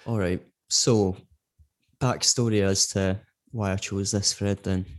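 A man's voice: deep voice, steady tone, takes it slowly. A middle-aged man, co-hosting a podcast in casual, rambling chat. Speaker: podcast co-host.

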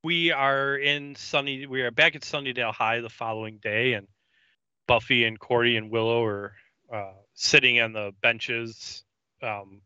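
A man in a casual podcast chat, recapping an episode slowly with many ums and uhs. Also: mid-range voice, level tone, pushed and bright, smooth, no room sound. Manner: halting narration full of ums and uhs. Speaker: podcast co-host. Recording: dry, dull lo-fi mic.

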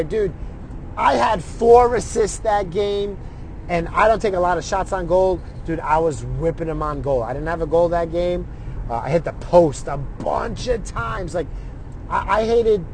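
A man's voice: high voice, slight background noise. A middle-aged man telling a story in a casual, profane way, acting out what other people said in his own voice.

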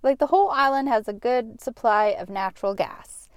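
A woman's voice: a little high, moderate pace, clean tone, no echo, clean studio sound. A young Canadian woman co-hosting a casual chat podcast, ranting in an indignant, sweary way. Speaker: podcast co-host.

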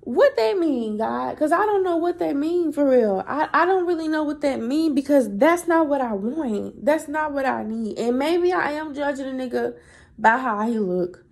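A young adult woman hosting a podcast, telling a story in a chatty, animated, profane way. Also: sits high, moderate pace, gravelly. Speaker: podcast host. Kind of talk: casual storytelling monologue.

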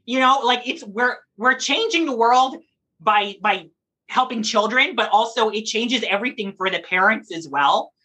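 A woman who performs in drag and reads at story time, chatting in a lively, playful interview and laughing often. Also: fairly high pitch, moderate pace, slightly rough.

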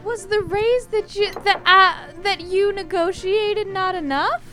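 An actress playing a prim, indignant middle-aged wife with shrill, huffy outbursts in a comedy audio sketch. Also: female voice, a little slow, bright, forceful tone, soft background music, heavily acted. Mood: probing.

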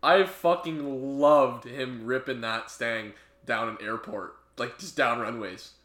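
A man's voice: medium pitch, fairly even intonation, slow, a bit bright, roomy sound. A man co-hosting a podcast, chatting casually and jokingly about a movie and swearing freely. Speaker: podcast co-host.

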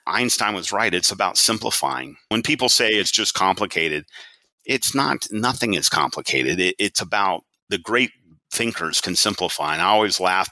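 A man's voice: low voice, pushed and bright, no echo. A man answering interview questions with emphatic, anecdotal storytelling. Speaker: guest.

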